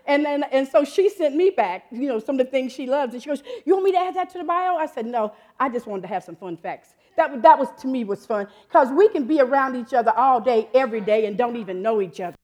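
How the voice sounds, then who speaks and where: A woman in her fifties delivers a sermon with lively, excitable energy. Her somewhat high voice swings up sharply when she gets excited, and she laughs often as she talks. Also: brisk. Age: 50s. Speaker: preacher.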